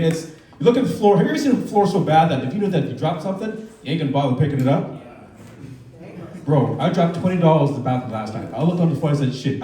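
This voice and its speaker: A man's voice: on the high side, darkish tone, a little hiss or hum. A man in his thirties doing a loose, conversational stand-up set on a comedy club stage, acting out voices, with audience laughter behind him. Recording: roomy club sound from far off.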